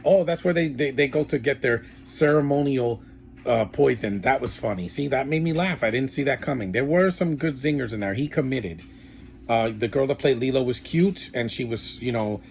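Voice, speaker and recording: A man's voice: mid-range voice, gravelly, slight background noise. A man giving a casual, rambling film review with blunt opinions and lots of fillers. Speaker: movie reviewer.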